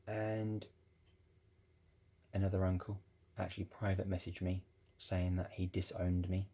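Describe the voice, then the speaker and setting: A man's voice: deep voice, creaky, dark tone, breathy edge. A man telling a rambling, casual story about his family, swearing now and then. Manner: rambling, with many restarts and swearing. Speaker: ex-Jehovah's Witness vlogger.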